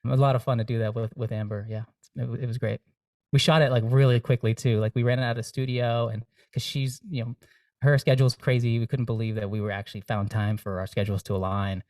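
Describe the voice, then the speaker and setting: A man's voice: medium pitch, level tone, fast talker, darkish tone, dry recording, clean studio sound, far from the mic. A young man, a singer-songwriter guest, talking earnestly and reflectively in a casual interview, with many fillers and restarts.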